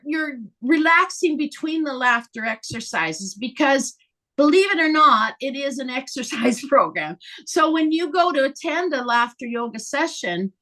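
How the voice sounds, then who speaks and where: A woman leading a live laughter yoga session over a video call, animated and often breaking into laughter as she guides breathing. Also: high-pitched, moderate pace.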